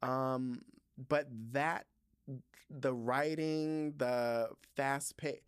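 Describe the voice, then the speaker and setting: Speaking extremely slowly in a clean, mid-range voice, this young podcast host riffs solo on listener reviews. He's sassy and expressive, swearing often and tossing in playful asides, and the studio sound is clean with no room tone.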